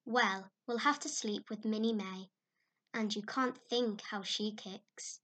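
A woman voicing a lively, excitable young girl who chatters quickly. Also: medium pitch. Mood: chatty.

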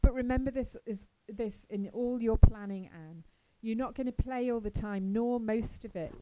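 A woman reading aloud as a stern, practical older spinster who scolds briskly but is secretly fond. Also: fairly high pitch, warm tone, natural voice, rough recording. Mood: scolding. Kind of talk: audiobook character reading.

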